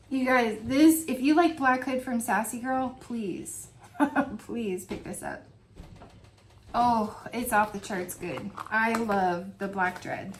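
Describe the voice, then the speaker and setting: Speaking slowly with long pauses, this wax melt reviewer has a fairly high-pitched voice, and a faint hiss or hum sits under the recording. She chats casually in her home review vlog, laughing a lot and gushing about the scents she loves.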